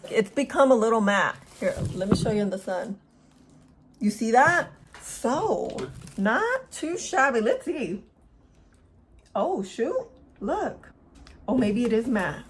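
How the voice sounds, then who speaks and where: A woman's voice: a little high, a bit bright. A young woman chatting casually to camera as a beauty vlogger, upbeat and talking while she eats, at home by a window.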